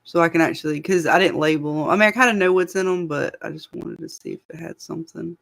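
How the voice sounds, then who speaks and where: A woman's voice: deep voice, fast, gravelly. A woman co-hosting a casual livestream, thinking aloud and distracted while she edits a video. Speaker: co-host editing a video.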